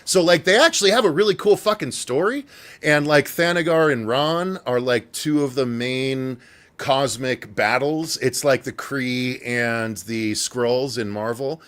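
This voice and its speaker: A man hosts a loose movie panel at a middle pitch, swearing freely and filling gaps with "like". His delivery is casual and chatty. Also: unhurried, fairly bright tone. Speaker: host.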